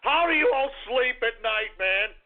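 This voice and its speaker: A man's voice: extremely high pitch, lively intonation, unhurried. A man hosting a talk radio show, closing it with an exasperated, theatrical rant that curses at his listeners. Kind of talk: ranting talk radio sign-off. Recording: phone-like lo-fi radio stream.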